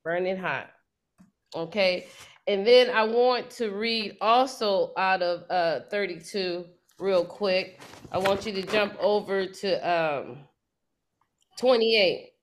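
A woman leading a congregation's Bible study, teaching in a lively, colloquial way and acting out the quotes with slang. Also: medium pitch, takes it slowly, slight background noise.

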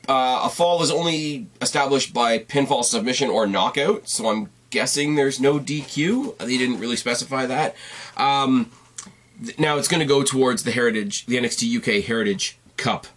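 This is a man with a mid-range, somewhat bright voice, hosting a wrestling podcast on camera from his desk. Tired and congested, he rambles through a loose recap, correcting himself and tossing in wry remarks.

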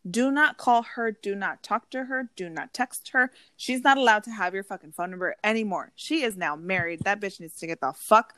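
A woman's voice: mid-range voice, moderate pace, hardly any pauses, bright, forceful tone, no room sound. Woman ranting about her ex, swears a lot, dry close sound. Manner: blunt and profane, storytelling with quoted voices. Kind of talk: casual chat.

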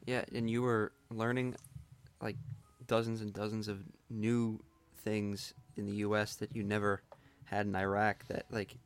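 A man's voice: on the low side, flat delivery, measured pace, smooth. A male host in a casual conversation, reflecting and thinking aloud about his guest's story.

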